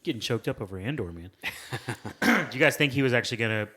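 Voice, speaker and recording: A man's voice: medium pitch, expressive, brisk, pushed and bright, slightly rough. A man co-hosting a podcast, giving candid opinions in a laid-back casual chat. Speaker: podcast co-host.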